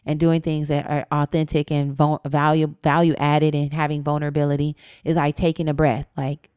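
Low-voiced woman in candid chat. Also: little pitch movement, brisk, a little mellow, clean tone, no echo, clean studio sound. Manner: candid, swears freely, quotes herself often. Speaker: podcast co-host. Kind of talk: casual chat.

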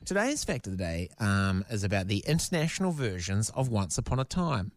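A man's voice: on the low side, big pitch swings, brisk. A man co-hosting a casual podcast, presenting a fun fact segment in a playful, chatty way. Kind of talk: casual chat.

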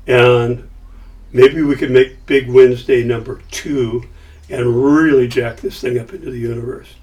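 This middle-aged company founder talks a little slowly in a mid-range voice as he casually relates a business anecdote. He brings the quoted voices to life with animation, and the mic is somewhat distant.

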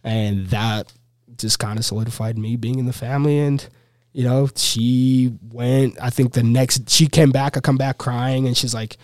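A young man from Uganda, a podcast guest, telling a personal story in an animated, casual way full of "like" and "you know". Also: mid-range voice, moderate pace, no room sound, clean studio sound.

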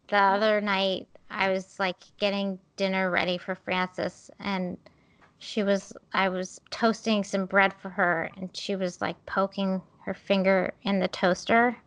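A woman's voice: medium pitch, little pitch movement, slow pace, fairly bright tone, clear, resonant tone. A woman in her thirties co-hosting a podcast, telling rambling, self-deprecating stories in casual chat with many fillers. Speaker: podcast co-host.

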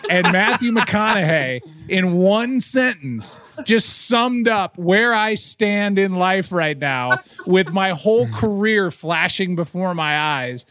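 High-voiced man telling a quick anecdote. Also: animated, fairly bright tone, no echo, clean studio sound. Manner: quick, laughing anecdote-teller. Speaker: podcast co-host. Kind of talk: casual chat, storytelling.

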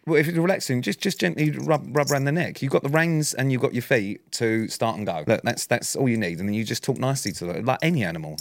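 A man's voice: mid-range voice, lively intonation, fast talker, creaky, few pauses, dry recording. A man co-hosting a podcast in casual chat, dry and matter-of-fact. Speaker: podcast co-host.

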